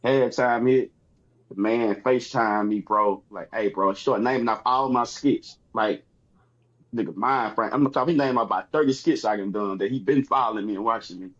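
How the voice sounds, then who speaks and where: A man from Texas with a Texan accent, a comedian guest telling animated stories in casual chat and acting out other people's lines. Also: lowish voice, moderate pace, lo-fi sound.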